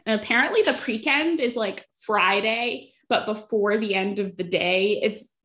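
Casual woman podcaster, mid-pitch, chatty, retells scenes with quoted dialogue. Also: a little slow, hardly any pauses, fairly bright tone. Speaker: podcast co-host. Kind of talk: casual chat recapping a TV episode.

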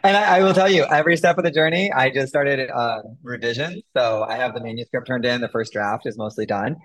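A man's voice: mid-range voice, brisk. A man being interviewed about writing his first book, telling the story with frequent laughter. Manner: laughs often, animated storytelling. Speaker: author guest. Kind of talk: casual interview conversation.

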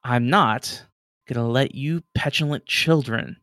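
A man's voice: medium pitch, unhurried, fairly bright tone, no room sound, natural voice. Give me a man voicing a contemptuous villain father in a tabletop game. He drags out each phrase with cold weariness. The voice is clean and dry. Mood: weary contempt. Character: weary scheming father villain, male, middle-aged.

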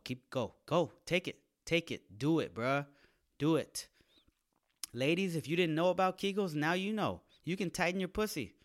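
A man, a comedian, delivering a casual and crude comic monologue to his audience, full of slang and acted-out voices. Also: medium pitch. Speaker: comedian hosting his own podcast.

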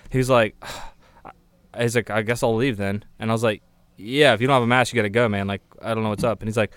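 Laughing, chatty man with a smooth voice. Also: mid-range voice, fairly even intonation, fast, a bit bright, no room sound. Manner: laughing storyteller, acts out customers in voices. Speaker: podcast co-host; record store worker. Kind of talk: casual chat.

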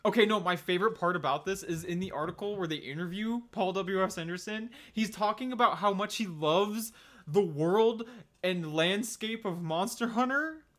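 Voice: medium pitch, moderate pace, a bit bright. A podcast co-host in a casual chat who rants animatedly, swears often and laughs a lot.

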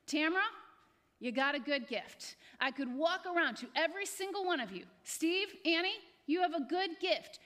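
High-voiced woman preaching a sermon. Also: animated, moderate pace, sharp tone. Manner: repetitive, exhorting, addresses congregation by name. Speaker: pastor. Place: church hall with live congregation.

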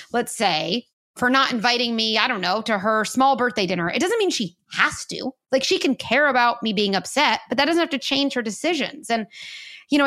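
In a conversational interview, a woman appearing as a guest, a parenting expert and author, earnestly explains her ideas on raising kids. Her voice sits on the high side with a fairly bright tone, and she often says "like" and "you know."

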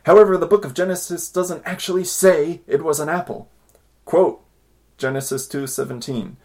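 A man co-hosting a casual podcast, explaining and reading aloud with a wry, deadpan manner. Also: on the high side, moderate pace. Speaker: podcast co-host.

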